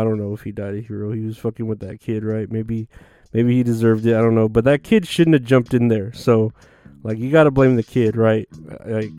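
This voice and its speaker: A man's voice: medium pitch, dark tone, smooth, no room sound. A man hosting a podcast in a casual, rambling, profane monologue full of filler words. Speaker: podcast host.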